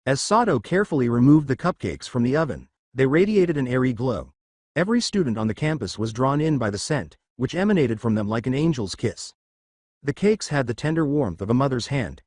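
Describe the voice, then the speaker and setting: A man narrating a fan fiction story in a scripted, expressive storytelling manner. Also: medium pitch, dry recording, clean studio sound.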